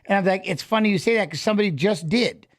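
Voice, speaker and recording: A man telling a heated story in casual chat, profane and animated, acting out what he said. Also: high-pitched, quick pace. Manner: animated, profane retelling of an argument.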